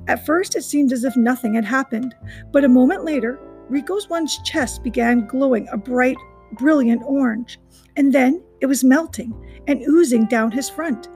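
A woman's voice: high-pitched, creaky, darkish tone. Woman reading a children's novel aloud. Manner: recaps chapters casually, then reads briskly.

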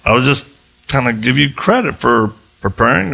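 Gravelly, husky-voiced man preaching. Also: moderate pace. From United States. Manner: animated, jumps into high voices when quoting others. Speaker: missionary preacher. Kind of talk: sermon with storytelling.

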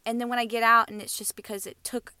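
Bright, excitable woman. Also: fairly high pitch, no room sound, studio quality. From Georgia, US. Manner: quick, excitable, laughing. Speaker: podcast co-host. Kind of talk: casual storytelling chat.

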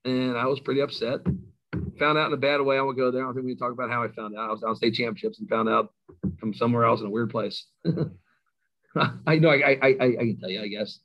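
A middle-aged man spins a rowdy yarn about his coaching days, and he often pokes fun at himself. His voice sits at an ordinary pitch. The recording sounds a little dull and lo-fi. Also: quick pace. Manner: animated, self-mocking storyteller. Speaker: high school football coach. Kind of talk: storytelling in an interview.

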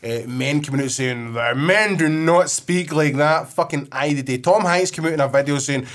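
A man's voice: on the high side, normal speed. A Scottish man hosting a casual podcast chat, swearing freely and laughing often. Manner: sweary, animated, laughs a lot.

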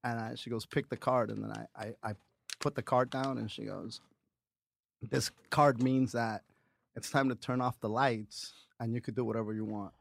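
A man's voice: mid-range voice, normal speed, vocal fry. A middle-aged man, a comedian guest, telling profane stories in casual podcast chat and acting out the quotes. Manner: profane, animated storytelling with acted-out quotes.

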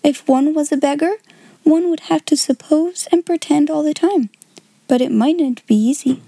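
A woman voicing a gentle, imaginative young girl who speaks softly and wonderingly. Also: sits high, normal speed, vocal fry, no room sound, voice pushed up. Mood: thoughtful.

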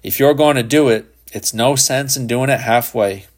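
A man voicing a defiant, scornful teenage boy who talks rough and sullen. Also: mid-range voice, normal speed, natural voice.

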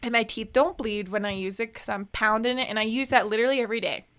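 A young woman with a bright, crisp voice, chatting casually as a podcast co-host. She tells her stories with lots of energy, acting out what people said and swearing freely. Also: on the high side, fast. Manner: animated storytelling, acts out quotes, swears freely. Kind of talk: casual chat.

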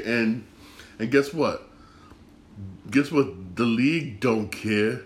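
This sports podcast host talks slowly with lively intonation, his medium-pitched voice echoing around the room. His casual rant is frustrated and repetitive, full of stumbles and stammered restarts.

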